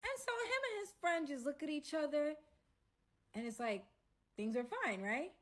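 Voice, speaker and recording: A woman hosting a casual storytime, acting out the people in her story with slangy, animated banter. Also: sits high, moderate pace. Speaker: storyteller host.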